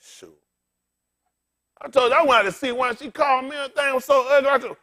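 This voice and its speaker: A man's voice: very high-pitched, fairly quick. A man preaching as pastor, telling jokes and talking straight to the congregation, bald and getting older. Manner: animated, joking with the congregation. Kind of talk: humorous conversational sermon.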